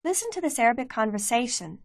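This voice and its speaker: Measured woman narrating a language lesson. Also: a little high, animated, no room sound, studio quality. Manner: clear, measured teaching delivery. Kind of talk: scripted instructional narration.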